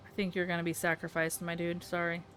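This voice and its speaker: Her voice is on the low side and fairly bright, with a clean tone and a fast, completely flat delivery. She is a young woman from the American South, live-streaming a building game while chatting with viewers and mumbling her thoughts, sleepy and giggly.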